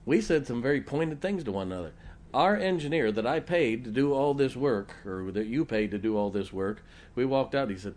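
A middle-aged pastor with a drawl delivers a folksy, joking sermon, laughing along with his listeners. His voice sits at an ordinary pitch for a man. A faint hiss of background noise runs under the recording. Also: lively intonation, a little fast, a little mellow.

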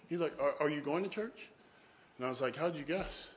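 A man preaches in a sermon, spinning stories and often breaking in with "boy" and "can I tell you this". His voice sits a little high for a man. It rings through a roomy church, with a faint hum of ambience behind it. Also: a little fast. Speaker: pastor.

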